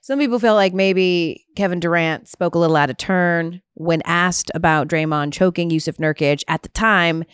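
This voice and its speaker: Woman sports host, casual chat, lowish voice, dry close sound. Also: smooth, no echo. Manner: chatty, quick asides. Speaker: show host.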